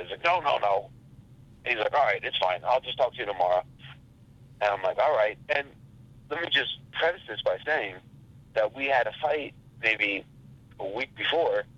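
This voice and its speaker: A man telling a rambling story in a casual, profane and animated way. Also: lowish voice, lo-fi sound. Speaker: podcast guest.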